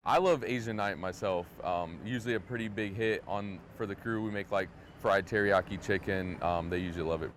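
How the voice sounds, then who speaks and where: A man's voice: low-pitched, a little fast, few pauses, background noise. A man, a Navy cook, talking casually aboard a submarine, with lots of "like" and restarts. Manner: casual, filler-heavy talk with frequent "like" and restarts. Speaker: Navy culinary specialist. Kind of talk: interview answers.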